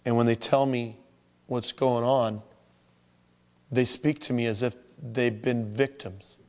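A man's voice: mid-range voice, long reverb tail. A man preaching a sermon, acting out the voices of people who complain about their troubles. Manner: animated, acts out voices of complainers. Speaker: pastor.

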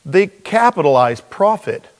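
A man preaching a sermon, animated and jokey, acting out bits of dialogue as he goes. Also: fairly high pitch, unhurried. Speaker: pastor.

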